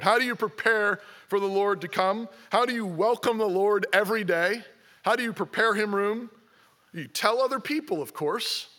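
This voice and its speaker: Male pastor, high bright voice, preaching with insistent repeated questions. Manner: exhorting, repeats rhetorical questions. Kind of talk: sermon.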